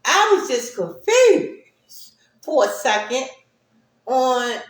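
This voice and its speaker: A woman's voice: high voice, big pitch swings, very slow, roomy sound. A woman hosting a livestream, talking casually and reflectively to her viewers and laughing often. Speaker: livestream host.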